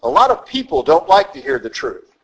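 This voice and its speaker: Brief: a plain-spoken preacher, a touch high-voiced, driving his points home bluntly. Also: big pitch swings, a little fast, fairly bright tone, slightly rough, poor audio. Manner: blunt, conversational, emphatic. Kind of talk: sermon.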